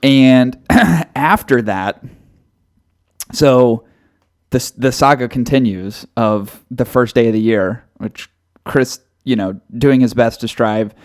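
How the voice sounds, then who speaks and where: A man's voice: mid-range voice, slow, darkish tone. Teasing male podcast co-host. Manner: teasing, mock-stern, acts out sounds. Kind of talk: casual storytelling chat.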